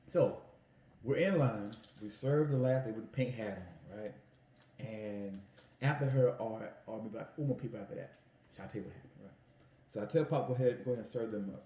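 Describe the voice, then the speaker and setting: A man in his home kitchen, telling stories about his Italian ice business in an animated, folksy way while he cooks. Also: mid-range voice, reverberant, slight background noise. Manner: animated, folksy storytelling with "y'all" and "family". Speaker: food vlogger and Italian ice vendor. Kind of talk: casual storytelling while cooking.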